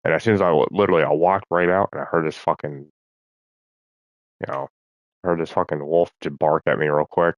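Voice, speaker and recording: Profane, rambling man with a very low voice. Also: steady tone, brisk, pauses often, dry recording, dull audio. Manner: rambling, profane, talks to himself. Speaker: vlogger. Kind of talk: rambling monologue to camera.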